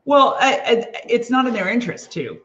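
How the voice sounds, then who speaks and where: A woman's voice: on the high side, big pitch swings, normal speed, echoey room. Earnest woman on a dull, muffled mic. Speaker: podcast guest. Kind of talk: casual conversation about faith.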